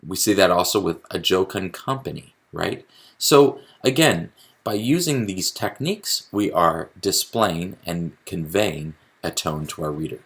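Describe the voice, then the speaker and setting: A man's voice: low voice, animated, unhurried, slightly rough. A man teaching a recorded lesson on poetry, explaining step by step and often restarting his sentences. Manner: explanatory, with frequent restarts and fillers.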